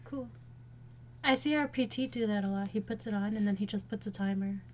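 A woman's voice: medium pitch, brisk, a little hiss or hum. A woman co-hosting a podcast, chatting casually and laughing often. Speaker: podcast co-host. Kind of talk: casual chat.

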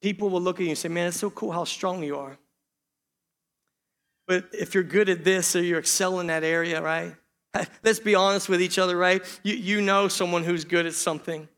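A man's voice: high voice, steady tone, brisk, a bit bright, long reverb tail. A middle-aged man preaching a sermon as pastor, earnest, with self-deprecating jokes and repeated calls of "church". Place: church sanctuary.

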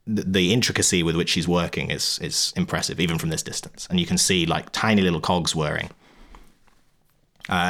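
A man narrating a tabletop game as game master, halting and full of ums as he describes the scene. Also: sits low, a bit bright.

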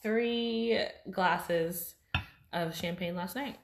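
A woman's voice: lowish voice, extremely slow. A woman co-hosting a casual chat, teasing and sarcastic, laughing often. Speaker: podcast co-host. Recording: echoey room.

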